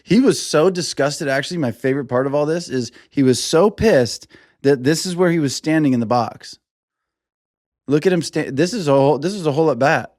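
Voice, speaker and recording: A man hosting a sports podcast in casual, profane commentary, acting out players in quick put-on voices. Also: a little high, a little mellow, dry recording, clean studio sound. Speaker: podcast host.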